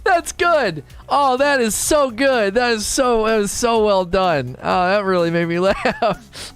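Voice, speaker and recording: A man's voice: high voice, slow, a bit bright, clean tone, faint music behind. A young man streaming a game, talking casually, reading chat and laughing often at his own jokes. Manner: chatty, laughs often, mocking jokey asides.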